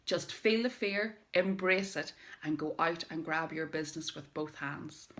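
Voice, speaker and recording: A middle-aged woman who runs a direct-sales business, telling a personal story to camera as motivation. She tells it in a lively, emphatic way, with dramatic pauses. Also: sits low.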